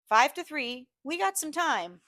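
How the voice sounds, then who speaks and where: A woman's voice: high-pitched, big pitch swings, unhurried, sharp tone, pitched above the performer's own voice, full character voice. Woman doing a blunt middle-aged Southern maid. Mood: firm reassurance. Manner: firm, reassuring, plainspoken.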